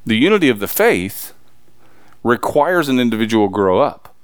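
A man preaching a sermon as pastor, swinging from loud, emphatic lines to low, confiding asides. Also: sing-song, normal speed, smooth, no echo, clean studio sound.

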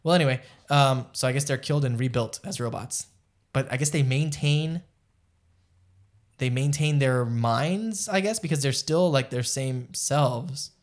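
A medium-pitched man speaking at a measured pace co-hosts an anime podcast, retelling episodes in casual chat. He rambles with plenty of fillers and asides and gets distracted by the live chat.

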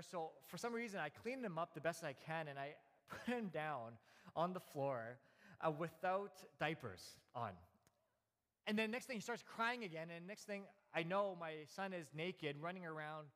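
A man in his thirties preaching a conversational sermon, telling stories in a relaxed way with many fillers and restarts. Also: a little high, moderate pace, in a large hall. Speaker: pastor.

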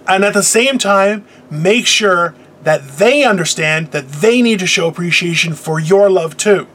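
A middle-aged man hosting a casual chat, telling stories in an animated, profane way. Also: sits high, unhurried. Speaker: podcast host.

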